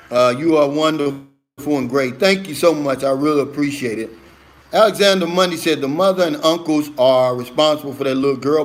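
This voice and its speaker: A middle-aged man with a slightly high voice hosts a casual live stream, reading viewer comments aloud. He answers them earnestly and emphatically, often addressing viewers as "man" and "brother."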